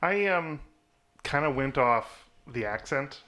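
A man's voice: mid-range voice, animated, takes it slowly, sharp tone. A man talking casually about film casting, laughing often. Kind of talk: casual chat.

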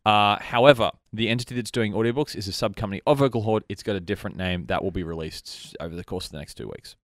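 A man hosting a casual podcast chat, rambling and animated, his voice sometimes trailing off into mutters. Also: fairly low pitch, quick pace, no room sound, clean studio sound. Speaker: podcast host. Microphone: studio mic.

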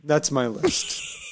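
A man's voice: on the high side, a little hiss or hum. A man in his forties co-hosting a casual podcast chat, who laughs hard and swears freely. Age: 40s. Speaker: podcast co-host.

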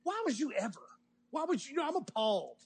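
A man co-hosting a podcast, arguing in an excitable, emphatic way and calling the others sir. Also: very high-pitched, fast, creaky. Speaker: podcast co-host. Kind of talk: heated casual banter.

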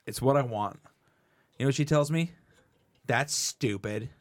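Man, podcast co-host, casual chat, animated, profane. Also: mid-range voice, fairly quick. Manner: animated storyteller, swears freely.

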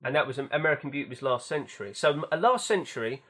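A man's voice: mid-range voice, animated, rapid-fire, sharp tone, husky. A man co-hosting a casual film chat, telling stories in a chatty, wry way with the odd swear word. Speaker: podcast co-host.

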